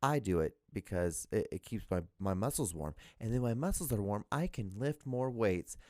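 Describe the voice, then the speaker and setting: A man's voice: on the low side, lively intonation, moderate pace, darkish tone, dry recording, studio quality. A man hosting a solo podcast, rambling casually and profanely, drifting between tangents and laughing at himself. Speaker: podcast host.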